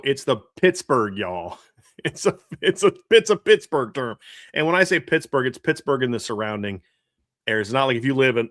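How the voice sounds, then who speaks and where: A man's voice: medium pitch, a bit bright, dry recording, studio quality. A man from the American South chatting casually as a sports podcast co-host, rambling with frequent restarts. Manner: rambling, restarts, laughs often.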